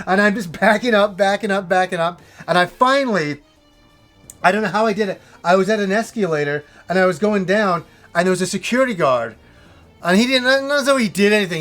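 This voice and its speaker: High-voiced man rambling through a story. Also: fairly bright tone. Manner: rambling, profane, full of restarts. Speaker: host of a retro video game show. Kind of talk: casual storytelling to camera.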